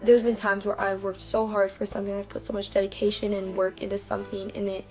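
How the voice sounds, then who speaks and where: A woman's voice: medium pitch, flat delivery, fast, darkish tone, soft background music. A young woman giving a rambling personal faith testimony straight to her viewers, saying "like" a lot and talking to them as "you guys". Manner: rambling, heavy use of "like", addresses viewers directly. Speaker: faith vlogger. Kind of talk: casual personal testimony to camera.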